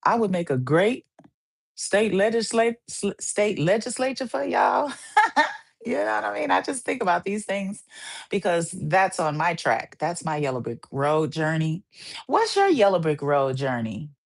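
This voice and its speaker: A woman's voice: fairly low pitch, big pitch swings, unhurried, creaky. A woman hosting her podcast in a casual solo monologue, ranting playfully and repeating phrases for emphasis. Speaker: podcast host.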